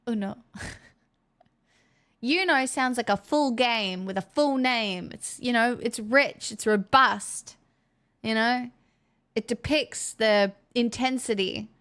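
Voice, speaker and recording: A woman with an Australian accent chats casually with her live stream audience. Her voice sits a little on the high side, and she talks at an unhurried pace. She is playful and jokey, laughing often. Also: fairly bright tone. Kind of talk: casual chat with viewers.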